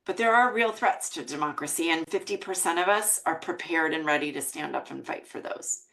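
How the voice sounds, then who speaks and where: A woman's voice: low voice, fairly quick, gravelly, sharp tone, poor audio. An American woman hosting a parenting podcast, speaking in an earnest, emotional monologue. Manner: earnest and emotional, reading quotes aloud. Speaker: podcast host.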